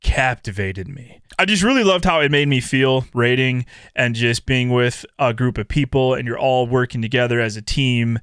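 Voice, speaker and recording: A young man venting in a candid gaming vlog, animated and profane, swinging into loud mock-dramatic outbursts. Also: medium pitch, normal speed, hardly any pauses, smooth, dry recording, studio quality. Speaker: gaming YouTuber.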